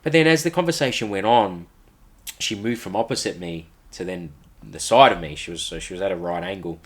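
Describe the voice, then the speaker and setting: A man's voice: low voice, fairly quick, slightly rough. A man in a podcast interview, earnestly retelling a personal story with vivid acted-out quotes. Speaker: podcast guest.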